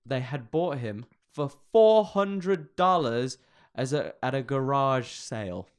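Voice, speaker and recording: A man with a clear, resonant, mid-range voice speaks slowly yet animatedly, with few pauses. Co-hosting a comedy podcast, he reads internet stories aloud, cracking jokes and swearing a lot in casual banter.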